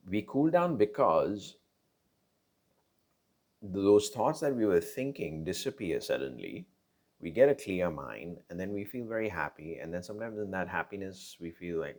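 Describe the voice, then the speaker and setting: A man's voice: low voice, very animated, moderate pace, vocal fry, darkish tone. A man giving casual relationship advice in a conversational monologue, with many fillers, restarts and frequent "right?" tag questions.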